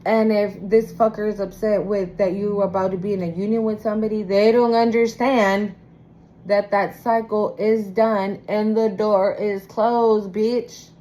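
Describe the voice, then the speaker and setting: A woman's voice: medium pitch, flat delivery, unhurried, dark tone, poor audio. A woman giving a casual spoken tarot reading, talking bluntly and emphatically with plenty of swearing. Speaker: tarot reader.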